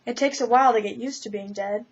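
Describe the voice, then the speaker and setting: A woman with a high, husky voice plays an older spirit, brisk and matter-of-fact, who guides a newcomer. She reads in a storybook style, and the lo-fi recording is slightly dull.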